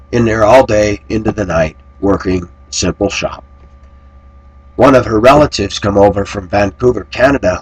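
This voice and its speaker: A man's voice: fairly low pitch, a little hiss or hum, low-quality recording. An American man vlogging, telling rambling anecdotes in a casual, conversational way. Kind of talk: casual storytelling to camera.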